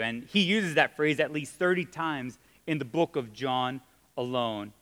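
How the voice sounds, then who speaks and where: A man's voice: on the high side, lively intonation, moderate pace, a bit bright. A man preaching a sermon in a conversational, emphatic way, joking with his audience. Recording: long reverb of a hall.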